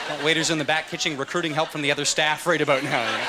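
A man performing a stand-up comedy set on stage, animated and swinging into loud high-pitched voices for his characters. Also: racing, hardly any pauses, over a noisy crowd. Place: comedy club stage with a live audience. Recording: live stage recording with loud audience noise.

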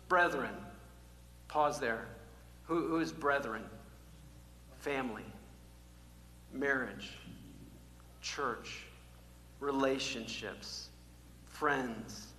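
A man preaching a sermon as pastor, animated, drawing out key words slowly for emphasis. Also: mid-range voice. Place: church sanctuary. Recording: echoey church hall, faint hum.

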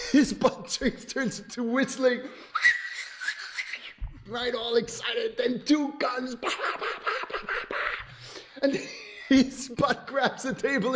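A man excitedly narrating his cartoon idea, laughing through it and acting out sound effects and cries. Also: very high voice. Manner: keeps laughing at his own story. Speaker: animator pitching a cartoon. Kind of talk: excited story pitch narration.

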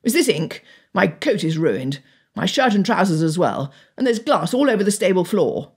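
A woman's voice: lowish voice, big pitch swings, moderate pace, a little mellow, slightly rough, heavily acted. Woman reading as an angry, arrogant young lord. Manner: snapping, indignant.

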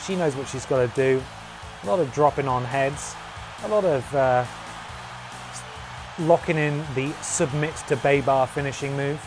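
A man's voice: medium pitch, a little slow, music in the background. A man streaming a wrestling game, calling the action as mock commentary with a playful, jokey manner. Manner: playful, jokey, breaks into humming and sound effects.

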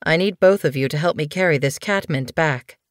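A calm young medicine cat tom from an animal storybook, as a woman narrator puts him on. He speaks with dry amusement in a low, mellow register. The recording is close and dry. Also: normal speed, dry recording, lightly acted. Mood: amused.

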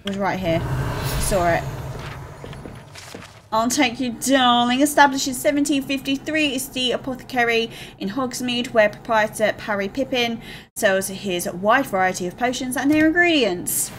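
A young woman from the UK giving excitable, gushing let's play commentary, reading in-game text aloud. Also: on the high side, normal speed, slight background noise. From United Kingdom. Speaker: gaming streamer.

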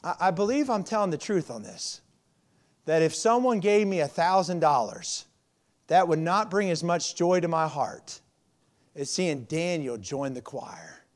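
A male pastor in his forties delivering an evening sermon. His voice sits notably high for a man, and he moves between forceful emphatic passages and hushed, confiding asides to the congregation. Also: lively intonation, unhurried. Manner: preaching with swings from loud emphasis to quiet asides.

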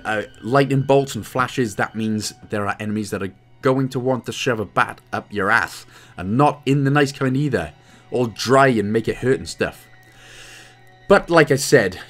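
Jokey Welsh gaming commentator. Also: male voice, mid-range voice. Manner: jokey, playful, animated. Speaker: game walkthrough host. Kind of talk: joking gameplay commentary.

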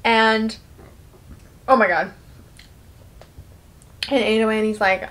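A young woman talking casually and quickly as she recaps a musical, dropping into quick voices for the characters. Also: a little high, fairly even intonation, a bit bright. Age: young adult. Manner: chatty, fast, acts out the lines with quick put-on voices. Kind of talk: casual recap while eating.

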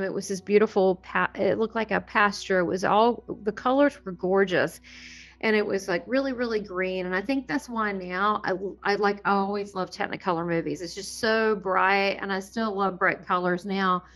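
A woman giving a personal testimony as a guest, animated and full of awe, often breaking into laughter. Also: medium pitch, moderate pace, soft background music. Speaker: near-death experiencer guest.

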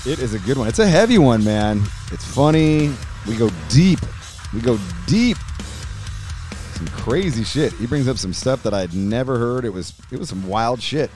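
A man hosting a podcast, opening with a loud, hyped, swearing intro and then casual chat. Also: medium pitch, moderate pace, soft background music. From California. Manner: hyped, loud, profane, animated delivery. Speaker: podcast host. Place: home studio, streaming live.

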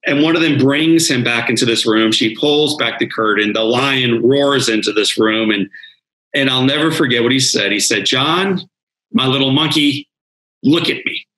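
A man's voice: mid-range voice, moderate pace, a bit bright, rough recording. A man, a guest speaker on a podcast interview, telling his life story in an earnest, dramatic way.

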